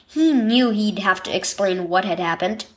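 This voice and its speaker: A woman narrating a scripted children's devotional story with expressive storytelling. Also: medium pitch, moderate pace.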